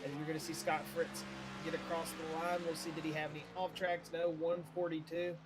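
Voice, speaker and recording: A man's voice: a little high, level tone, fairly quick, background noise. A man calling sim racing play-by-play and the starting grid, easygoing and full of fillers. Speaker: race commentator.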